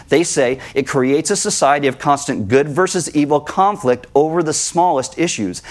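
A man, a pastor, preaching a sermon in a conversational way and acting out quotes as he goes. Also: medium pitch.

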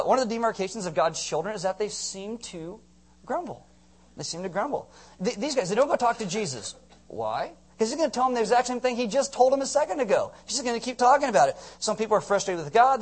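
A man preaching a sermon in an animated, joking way, often acting out quotes in put-on voices. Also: sits high. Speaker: pastor.

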